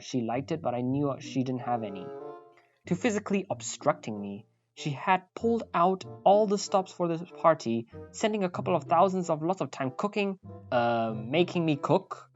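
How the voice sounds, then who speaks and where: Low-voiced woman reading a story. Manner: wry, with apologetic asides. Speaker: story narrator. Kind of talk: reading a reddit story aloud. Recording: slightly muffled, faint background music.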